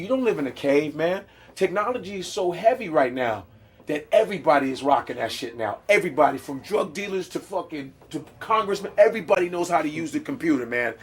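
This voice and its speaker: A man, a stand-up comedian being interviewed, telling stories in an animated, profane style with street slang. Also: a little high, slightly rough. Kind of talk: casual interview storytelling.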